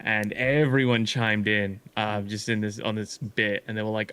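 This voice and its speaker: A man's voice: lowish voice, flat delivery, measured pace, a bit bright, clear, resonant tone. Rambling, cussing male streamer. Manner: rambling, swears often, many fillers and restarts. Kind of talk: casual storytelling chat.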